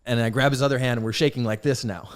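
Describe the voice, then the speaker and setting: A man telling stories in a relaxed interview, his voice in the middle range for a man. He gets animated and swears freely, and he belts out the lines he quotes. He sounds emotional at times, and his voice catches. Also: medium pitch, fast talker. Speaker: actor interviewee. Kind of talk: casual storytelling interview.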